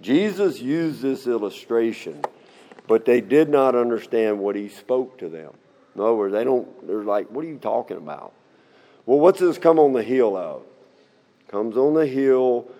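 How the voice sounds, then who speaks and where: Middle-aged man, folksy Bible teacher, mellow low voice, long hall reverb. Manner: folksy, repeats "okay?" to check in.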